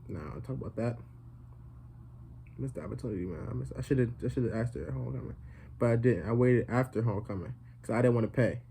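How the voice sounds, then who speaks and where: A young man telling a comedic story to his viewers in a rambling way, full of fillers and deadpan jokes. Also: medium pitch, breathy edge. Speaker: vlogger.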